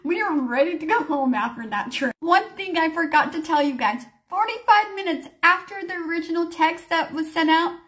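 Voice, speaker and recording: High-voiced woman telling a lively story. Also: moderate pace, hardly any pauses. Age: 40s. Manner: animated, acts out her own and others' panicked lines. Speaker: storyteller vlogger. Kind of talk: casual storytime vlog.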